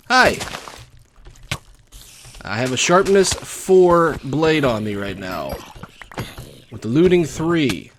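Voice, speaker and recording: A man's voice: mid-range voice, a little hiss or hum. A young adult man with a Texan accent, rambling wryly and chattily as he comments on his own gameplay. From Texas. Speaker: let's play gamer.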